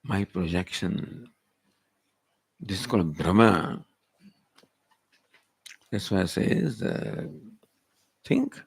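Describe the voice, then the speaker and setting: Man, spiritual discourse, lively rising pitch, gravelly edge, dry close sound. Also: drawn-out words, long pauses, no echo. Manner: questioning, rhetorical. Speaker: spiritual teacher. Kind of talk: Vedanta discourse. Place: retreat hall.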